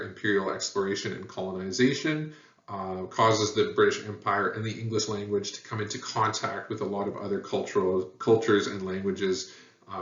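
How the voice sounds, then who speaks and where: A man's voice: lowish voice, fairly bright tone. A man teaching a lesson, explaining at an easy pace with frequent ums and uhs. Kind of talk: lecture on language history. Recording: echoey room, dull sound, mic at a distance.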